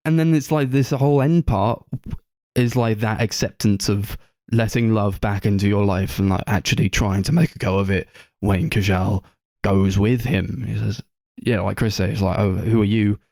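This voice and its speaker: A man co-hosting a podcast, chatting casually about films, animated, swearing and acting out scenes as he retells them. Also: on the low side, moderate pace, creaky, dry recording, studio quality. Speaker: podcast co-host. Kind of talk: casual film chat.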